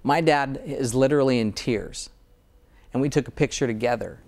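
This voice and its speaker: A man's voice: mid-range voice, normal speed, vocal fry, a little mellow. A man speaking as a dentist guest in an interview, earnest and enthusiastic, often restarting his sentences. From Utah, USA. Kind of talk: interview conversation.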